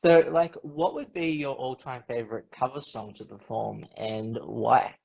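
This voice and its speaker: A man's voice: medium pitch, fairly even intonation, measured pace, gravelly, a little mellow, breathy edge, poor audio. A man hosting a casual interview, earnest and effusive, repeating himself as he speaks. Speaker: interview host.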